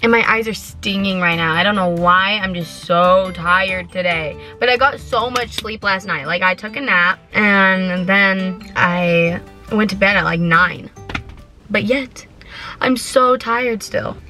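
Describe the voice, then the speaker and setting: Giggly, bright-voiced teenage girl. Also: mid-range voice, a little slow, faint music behind. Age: teens. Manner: giggly, chatty, excitable, lots of likes. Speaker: vlogger. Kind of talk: casual vlog chat. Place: parked car. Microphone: handheld camera.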